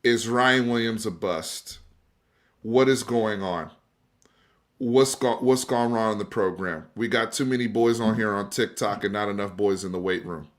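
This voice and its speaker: Talking directly to his live stream audience, this male sports show host keeps the debate casual but emphatic, restarting and repeating words as he gets going. He speaks at a normal speed in a fairly low pitch.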